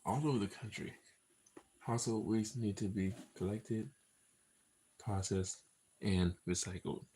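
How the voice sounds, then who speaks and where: Low gravelly man rambling off-script. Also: fairly even intonation, unhurried, warm tone, slight background noise, rough recording. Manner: distracted, restarting and repeating himself with loose laughter; playful, teasing asides to himself. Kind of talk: casual rambling monologue, half reading a script.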